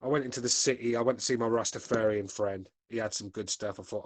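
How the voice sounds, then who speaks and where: A man's voice: lowish voice, steady tone, quick pace, no echo. A man hosting a podcast, reading live chat with laid-back, crude, mocking banter. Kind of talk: casual live-stream chat.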